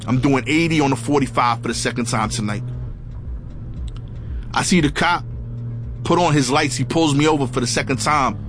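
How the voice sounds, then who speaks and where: A man telling a comic story in a lively, casual, punchy way. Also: mid-range voice, normal speed, long pauses, soft background music.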